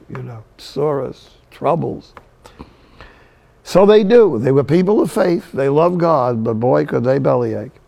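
A man's voice: medium pitch, moderate pace, creaky, warm tone. A man from New Jersey preaching a sermon, telling Bible stories with humorous asides. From New Jersey, USA.

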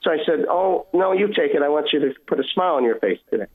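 A man with an expressive, higher-leaning voice calls in by phone to share his testimony, speaking quickly. He tells his personal faith story earnestly and emotionally, quoting what people said.

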